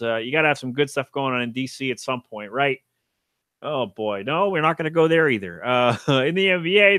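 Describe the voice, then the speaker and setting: A man's voice: mid-range voice, bright, forceful tone, no echo, clean studio sound. A man hosting a casual solo podcast, rambling offhand and self-deprecating about sports, with casual swearing. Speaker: podcast host.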